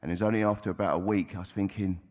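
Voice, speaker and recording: Deep-voiced man, blunt testimony. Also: steady tone, very fast, a little mellow. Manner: blunt, plain-spoken, with frequent swearing. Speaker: recovering addict sharing at a convention. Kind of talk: candid personal testimony to an audience.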